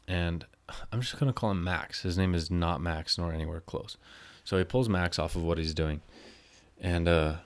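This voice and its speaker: A man telling a work story in a casual, exasperated rant, swearing freely and getting louder as he vents. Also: deep voice. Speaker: vlogger.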